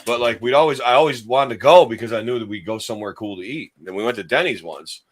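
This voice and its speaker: A man's voice: mid-range voice, quick pace. A man from upstate New York co-hosting a podcast, telling a rambling childhood story in casual chat. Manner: rambling, storytelling, lots of fillers. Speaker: podcast co-host.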